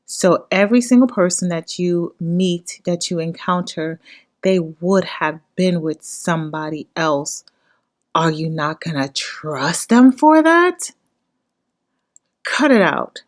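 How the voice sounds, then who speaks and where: A woman giving blunt, animated commentary on a reality show, often talking straight to the people on it. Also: fairly low pitch, takes it slowly.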